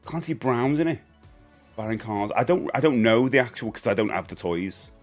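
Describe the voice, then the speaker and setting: A man chats casually on his live stream, greeting viewers while he rambles on, often stumbling and repeating words. He has a mid-range, animated voice at a moderate pace, with soft music behind him.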